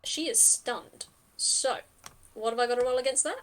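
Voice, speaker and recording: A woman's voice: fairly high pitch, moderate pace, a little hiss or hum. A woman narrating a tabletop game as game master, chatty and thinking aloud with many fillers.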